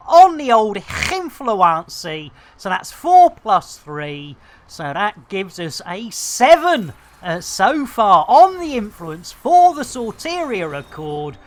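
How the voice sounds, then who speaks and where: A woman's voice: mid-range voice, big pitch swings, slow. A woman streaming a game, chatting casually with playful slang and silly asides. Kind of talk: casual live-stream chat.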